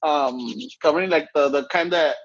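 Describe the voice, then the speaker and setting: A man's voice: on the high side, normal speed, highs cut off. A man co-hosting a podcast, joking in casual chat and mixing Spanish into his English. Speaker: podcast co-host.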